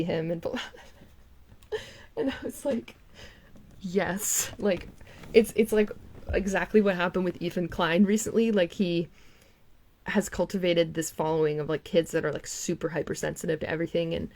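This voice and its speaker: A woman's voice: lowish voice, darkish tone. A young woman giving casual, mocking commentary on online videos. She swears freely and laughs often.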